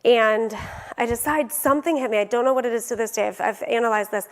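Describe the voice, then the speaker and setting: A woman's voice: fairly high pitch, steady tone, fast, in a large hall. A young adult woman giving a motivational keynote, telling a personal story vividly and acting out the dialogue.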